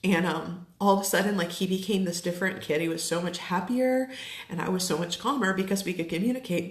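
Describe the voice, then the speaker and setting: Thirtysomething woman chatting to her camera, lots of "like" and "um", kinda low voice, roomy echo. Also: fairly quick. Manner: chatty, many fillers, gets emotional. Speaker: essential oils seller. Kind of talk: casual live chat to camera. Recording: echoey room.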